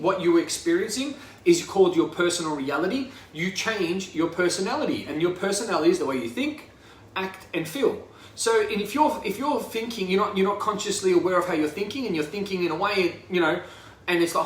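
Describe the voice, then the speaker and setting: A high-voiced Australian man rambles through a profane motivational talk. He sounds set back from the mic, and his voice rings around an echoey room. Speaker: life coach. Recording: roomy echo from a distance.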